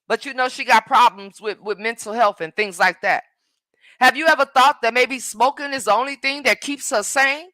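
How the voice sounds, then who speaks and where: Sassy woman live-streamer with a bright voice. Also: a little high, dry recording. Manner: sassy and combative, with drawn-out mm-mms and terms like baby and honey. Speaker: live-stream host reading viewer comments. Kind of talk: casual live-stream chat.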